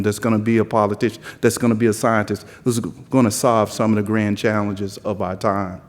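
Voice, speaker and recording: A low-voiced South Carolina man with a mild, softened Southern drawl gives impassioned opening remarks from a lectern at a conference. He builds his keynote through repetitive, stacking lists. The long reverb of a large hall rings around his words.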